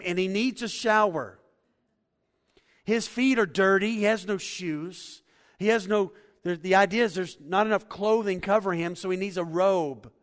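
A middle-aged male pastor preaching a sermon, animated, swinging from loud to hushed. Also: high voice. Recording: long hall reverb.

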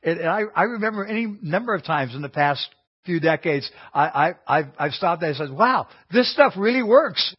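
An earnest man leads a Bible class, talking through the lesson in a conversational way. His voice sits a little higher than most men's, and he often stumbles over repeated words before going on. The recording is dull and lo-fi, with little clarity in the highs. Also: brisk, husky. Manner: earnest, conversational teaching with frequent restarts.

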